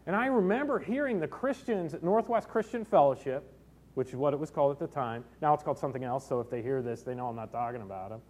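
A man's voice: medium pitch, lively intonation, fast talker, darkish tone. A middle-aged man preaching a sermon, telling personal stories with self-deprecating humor. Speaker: pastor.

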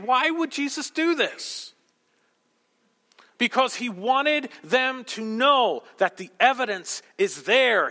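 A man's voice: very high voice, bright, forceful tone, in a large hall. A man preaching a sermon as a pastor, teaching through a passage and asking rhetorical questions.

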